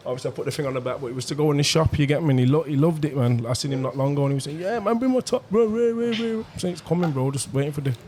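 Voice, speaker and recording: A man tells a story at a quick clip, heavy on street slang and given to bursts of laughter. His pitch is medium. A light hiss sits under the recording. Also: fairly even intonation, dark tone. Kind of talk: casual chat, storytelling.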